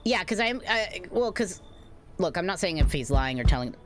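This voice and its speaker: A woman's voice: fairly low pitch, sing-song, moderate pace, slight background noise. A young woman streaming a game, chatting casually, swearing and sounding exasperated.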